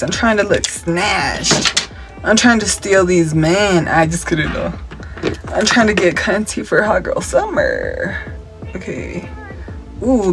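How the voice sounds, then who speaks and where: A young man, chatting casually through a makeup tutorial and story time, sassy and profane, mixing Spanish slang into his English. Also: sits high. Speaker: makeup vlogger. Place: at home.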